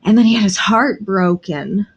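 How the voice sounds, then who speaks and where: A woman's voice: mid-range voice, expressive, normal speed, husky, dull audio. A woman co-hosting a podcast, casually recapping episodes with amusement. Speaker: podcast co-host. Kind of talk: casual chat.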